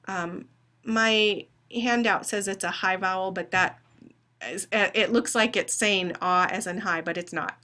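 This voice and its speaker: A woman phonetics instructor giving a recorded lecture, deliberately spelling out sounds and dictating test words. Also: medium pitch, sharp tone.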